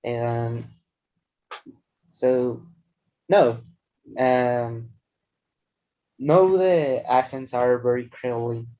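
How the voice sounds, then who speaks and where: Very slow, hesitant young-sounding man. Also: mid-range voice, fairly even intonation, dark tone. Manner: hesitant, searches for words, casual "bro". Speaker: interviewee. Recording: dull lo-fi recording.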